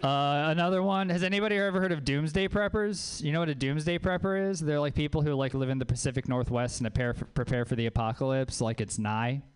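A man's voice: a little high, fairly even intonation, fast talker, few pauses, clean tone. A man from Louisiana doing a stand-up comedy set on a club stage, dry and self-mocking, with crude asides.

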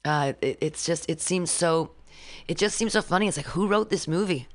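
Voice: medium pitch, moderate pace, no room sound. A radio host doing a sarcastic, rambling political monologue with jokey asides and reading a document aloud in a studio.

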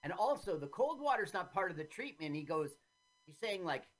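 A woman hosting a casual talk show, retelling an old film with animated voices for the characters. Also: fairly low pitch, normal speed. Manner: animated storyteller, acts out quotes in loud voices. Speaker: podcast host.

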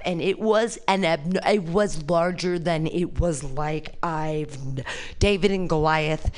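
A woman performing a stand-up comedy set, brash and crude, swinging between shrieked punchlines and low muttered asides. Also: slow pace, clear, resonant tone. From California.

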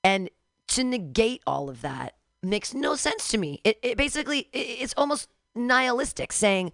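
A woman in her forties co-hosting a casual radio talk show, sardonic and quick to leap into high mocking tones. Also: big pitch swings, vocal fry, a bit bright, no echo, clean studio sound. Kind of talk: casual chat.

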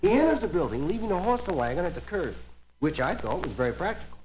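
A man's voice: sits high, sing-song, quick pace, rough recording. A man telling folksy jokes as a stand-up comedian, laughing at his own stories before a live audience. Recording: archival live recording with music and audience.

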